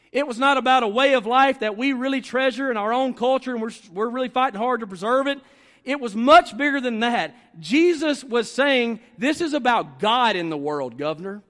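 A male pastor delivers a sermon in a strikingly high voice. He presses his points by repeating phrases and slowing down. A long reverb trails every line in a large church sanctuary. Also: fairly bright tone. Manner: emphatic, repeats phrases and slows down to stress points.

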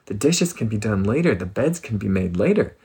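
A man giving a casual spiritual talk in an animated, playful way, often laughing. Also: on the low side, fairly quick, slightly rough. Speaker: spiritual speaker.

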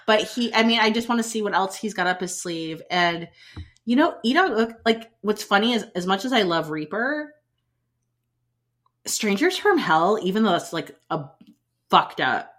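A woman co-hosting a casual podcast chat, animated, laughing and swearing as she talks. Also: mid-range voice, moderate pace. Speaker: podcast co-host.

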